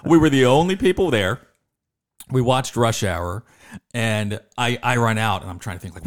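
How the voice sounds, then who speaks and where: This podcast host speaks at a normal speed in a fairly low pitch, recorded clean in a studio without echo. He relates a story in an easygoing way, bringing it to life by acting out each character's quoted voice.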